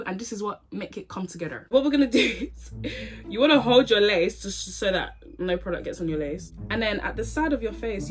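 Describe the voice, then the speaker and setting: A woman's voice: a little high, fairly bright tone. A young woman, chatting playfully and joking as she does her makeup on camera. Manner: playful, jokey, laughs often. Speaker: beauty vlogger. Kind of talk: casual chat while doing makeup.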